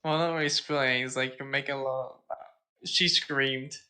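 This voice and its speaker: A man hosting a casual streamed talk show, chatting in a slow, plain-spoken way. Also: mid-range voice, fairly even intonation, bright, forceful tone, low-quality recording. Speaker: streamer and host.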